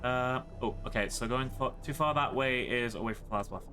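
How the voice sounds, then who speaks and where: A man's voice: mid-range voice, fairly quick, pushed and bright, faint music behind. A British man streaming a game live, chatting playfully and rambling to his chat.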